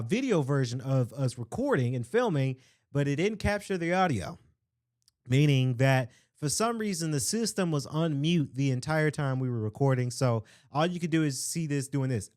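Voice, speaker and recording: A man hosting his own podcast, talking loosely and with hype-man energy, his throat a little strained from shouting. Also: fairly high pitch. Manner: rambling, loose and conversational. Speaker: podcast host. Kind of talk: casual solo podcast talk.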